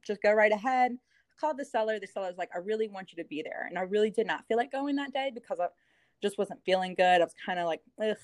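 A woman's voice: medium pitch, fast talker, no echo. A woman from New Orleans, a real estate agent turned TV host, telling stories in a casual chat with lots of laughs and fillers. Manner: giggly, chatty storyteller with lots of fillers.

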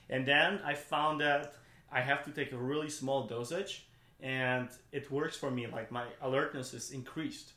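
A man's voice: mid-range voice, steady tone, normal speed, sharp tone. Guy on a podcast rambling on, lots of likes and restarts, kinda echoey room. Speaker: podcast guest, brand co-founder. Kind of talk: casual interview chat.

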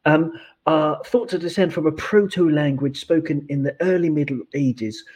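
A man's voice: a little high, moderate pace, darkish tone, breathy edge. A man hosting a casual podcast, explaining pronunciation step by step in a teacherly way. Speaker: podcast host.

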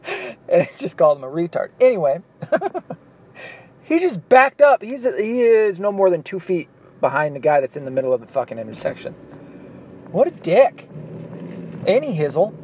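A man's voice: high-pitched, very animated, normal speed, long pauses, darkish tone, breathy edge. A blunt, profane man from the American South, ranting his opinions in a monologue while driving. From Southern US, Arkansas. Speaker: vlogger. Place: inside a car, driving. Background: faint car and street noise.

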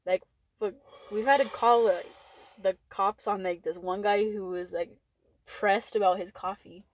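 A woman's voice: medium pitch, a little slow, no echo. Young woman casually recounting a work story. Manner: relaxed storyteller, uses "like" often. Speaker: podcast guest. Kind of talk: casual chat.

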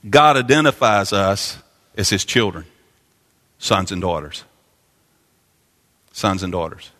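A male pastor delivering a sermon in a church sanctuary, his voice bright and forceful. He repeats key phrases and swells to fervent peaks. The room carries a long, ringing reverb. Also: low-pitched, expressive, takes it slowly.

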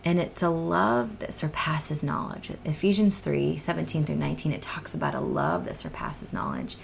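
An earnest woman shares her personal testimony as a guest in a podcast conversation, her voice low and edged with a gravelly fry. She speaks from the heart and often drops to a hushed, breathy near-whisper. A faint hiss sits under her voice. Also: moderate pace.

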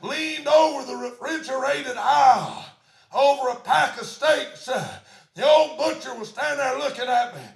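High-voiced preacher shouting in an echoey church. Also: male voice, moderate pace, vocal fry. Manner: animated preaching, shouting refrains, many "uh" fillers. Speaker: pastor. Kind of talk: storytelling sermon.

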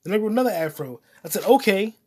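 A man hosting his own solo comedy podcast, cursing often and rambling while he eats popcorn, his voice swinging between loud outbursts and mutters. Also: normal speed. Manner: profane, loud swings in volume and pitch; eating popcorn while talking. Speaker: podcast host.

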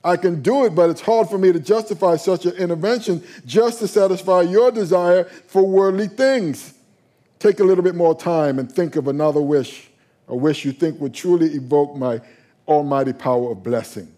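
A man voicing God in a told joke, booming and measured, with a slightly raised, louder delivery. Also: close to an everyday voice. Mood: solemn. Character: God, a lofty, patient male deity.

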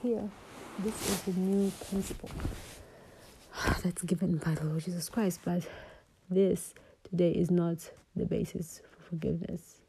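A woman in a whispered Bible reading and teaching, halting and often losing her place and rereading verses. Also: lowish voice, fairly even intonation, vocal fry, dark tone, a little hiss or hum, poor audio.

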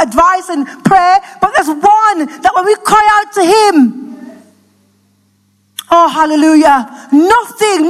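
A woman preaching a passionate sermon that rises to shouts, recorded in an echoey church hall. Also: very high-pitched.

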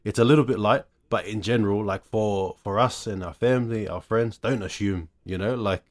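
Laid-back guy telling stories on a podcast, lotta ums, lowish voice. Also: normal speed. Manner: easygoing storyteller with many fillers. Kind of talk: casual chat.

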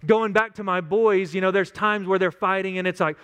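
A pastor in his thirties with a Texan drawl preaches in an earnest, conversational way and leans on family stories to make his point. His voice sits a little higher than most men's. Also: fairly quick, few pauses, fairly bright tone, smooth. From West Texas. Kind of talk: sermon.

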